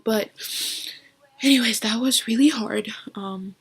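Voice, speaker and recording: A young woman telling a personal story to camera, halting and emotional, often dropping to a whisper, with many fillers. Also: on the high side, breathy edge, rough recording. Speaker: vlogger.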